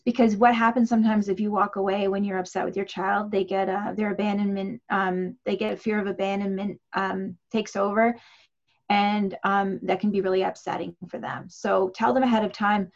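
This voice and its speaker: Woman parenting coach, gravelly tone, chatty with fillers, dull lo-fi audio. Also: mid-range voice, flat delivery, normal speed. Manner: chatty, with frequent fillers and restarts. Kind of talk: conversational parenting advice.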